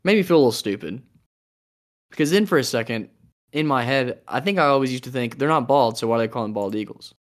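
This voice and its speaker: A man's voice: medium pitch, animated, fast talker. Rambling, jokey young man. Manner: rambling, jokey, trails off and restarts. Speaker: podcast co-host. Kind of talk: casual chat.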